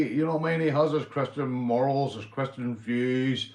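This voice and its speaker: A Northern Irish man on a casual livestream, drinking beer as he talks, swinging from loud shout-outs to low, gruff muttering and swearing freely. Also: normal speed, echoey room.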